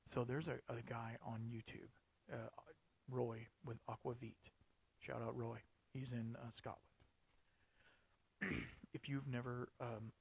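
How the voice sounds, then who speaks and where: A man's voice: medium pitch, creaky, breathy edge. A man hosting a podcast, talking casually and rambling, with lots of fillers and restarts. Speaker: podcast host. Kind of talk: casual solo podcast talk.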